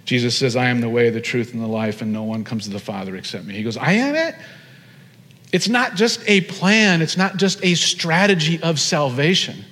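Guy preaching, gets animated, drags out big words, voice rings around the hall. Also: medium pitch. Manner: animated, drawn-out emphatic phrases. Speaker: pastor. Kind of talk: sermon. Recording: long hall reverb.

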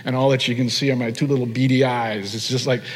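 A man preaching a sermon as pastor, animated, stretching key phrases out slowly for emphasis. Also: mid-range voice, slightly rough. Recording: long hall reverb.

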